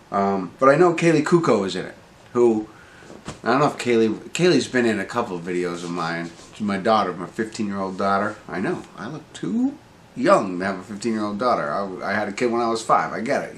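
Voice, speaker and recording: Middle-aged guy, lowish slightly hoarse voice, casual rambling reviewer, faint room hiss behind. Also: a bit bright. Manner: rambling, self-joking, many fillers and restarts. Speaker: movie review vlogger. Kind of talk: casual movie review chat.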